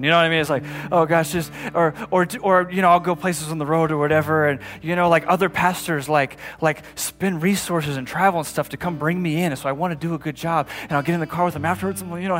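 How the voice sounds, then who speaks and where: With soft music playing underneath, a man with a high-pitched, brisk voice preaches a sermon as a pastor. His style is conversational, and he often restarts and repeats phrases. He builds toward emphatic passages where he gets louder.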